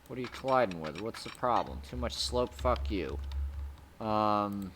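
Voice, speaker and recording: A man streaming a game, talking slowly through what he builds. His bright voice swings up and down a lot, with loose, swearing asides. Keyboard clicks sound faintly in the background. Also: fairly low pitch, animated, a little hiss or hum. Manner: rambling, swearing, chuckling asides. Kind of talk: casual gameplay commentary.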